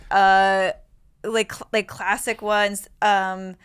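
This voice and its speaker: A middle-aged woman hosting a comedy podcast, playful and quick to laugh. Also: medium pitch, level tone, a bit bright, smooth. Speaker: podcast host. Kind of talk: casual comedic chat.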